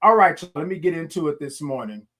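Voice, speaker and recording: A man's voice: on the high side, animated, fast talker, a bit bright. A man from Houston with a Southern Texas twang, hosting a casual morning livestream, folksy and repetitive, greeting viewers by name. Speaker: morning show host.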